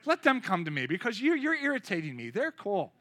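A man's voice: high-pitched, huge pitch swings, a little fast, sharp tone, some chatter behind, full character voice. A man doing a laid-back, teasing Jesus. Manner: casual, teasing. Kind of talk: sermon paraphrase role-play.

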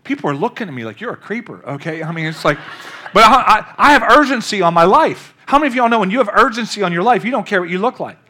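Older male pastor, high bright voice, animated storytelling sermon. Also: fast talker. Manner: storytelling, animated, calls out to the congregation.

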